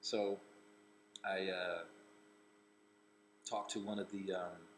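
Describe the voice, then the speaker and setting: Rambling low-voiced man telling a story. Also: level tone, slow pace, a little hiss or hum, rough recording. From Rhode Island, US. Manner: rambling, with many restarts. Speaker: comedian and actor. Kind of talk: casual personal storytelling.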